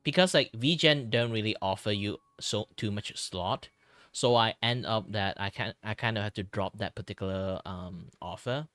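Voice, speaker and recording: A man's voice: lowish voice, moderate pace, a bit bright, dry recording. A man streamer and artist in casual chat, rambling with lots of fillers.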